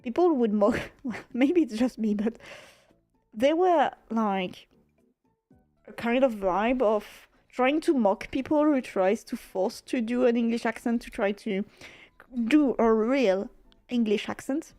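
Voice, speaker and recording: A young woman with a French accent talks at an unhurried pace in a fairly high, mellow voice. She chats loosely while working on a craft and drops casual swears, with faint music playing behind her. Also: dry recording. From France. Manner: chatty, swears casually, laughs often. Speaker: streamer.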